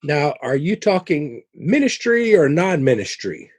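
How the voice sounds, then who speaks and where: A man co-hosting a podcast, telling stories in a casual, animated way with playful asides. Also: fairly high pitch, measured pace, no room sound. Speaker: podcast co-host.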